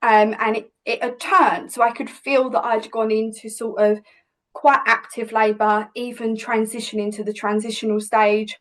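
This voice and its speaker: A woman's voice: fairly high pitch, flat delivery, moderate pace, poor audio. A woman, a podcast guest vividly retelling a personal story with many restarts. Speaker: podcast guest, hypnobirthing teacher.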